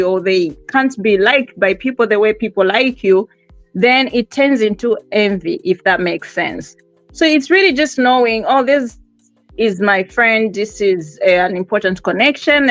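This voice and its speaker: A woman on a talk show, speaking in a reflective, measured way with pauses as she gathers her thoughts. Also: mid-range voice, fairly bright tone, no room sound. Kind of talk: casual chat. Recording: dry, dull lo-fi recording.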